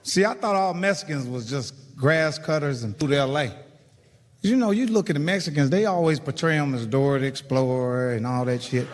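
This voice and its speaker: A man doing stand-up comedy, telling a story in an animated, profane way and acting out the people in it. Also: on the high side, moderate pace. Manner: animated, profane, acts out the people in his stories. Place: stage in a large venue with a live audience. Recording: live hall reverb and a loud laughing crowd.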